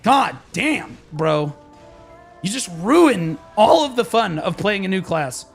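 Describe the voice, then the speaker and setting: High, gravelly young man streaming a game. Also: big pitch swings, takes it slowly, soft background music. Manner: frustrated, profane, rambling with repeated restarts. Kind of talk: live-stream rant.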